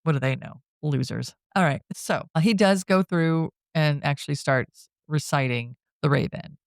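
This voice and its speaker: A podcast co-host with a slightly high, gravelly yet clear and resonant voice casually recaps a film plot in a chatty manner. He laughs often and briefly drops into quick impressions of the characters' lines. The studio-quality recording has no echo.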